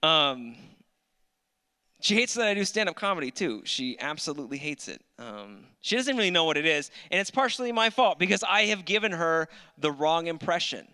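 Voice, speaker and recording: Man, 30s, stand-up comic; bright, forward voice, dry self-deprecating delivery, live club mic. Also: on the high side, sing-song, moderate pace, clean tone. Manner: dry, self-mocking storyteller. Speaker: stand-up comedian. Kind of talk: stand-up set. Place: comedy club stage.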